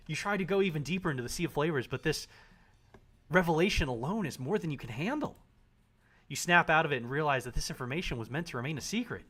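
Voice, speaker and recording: Animated man streaming a dating game. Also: on the high side, quick pace. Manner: animated, dramatic reading with frequent laughter. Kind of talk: reading a visual novel aloud on a live stream.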